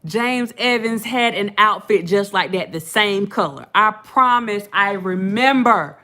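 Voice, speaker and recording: A woman's voice: mid-range voice, a little slow, sharp tone. A woman, hosting casual late-night commentary, chatty and laughing often while she retells things. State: has a headache. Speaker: channel host.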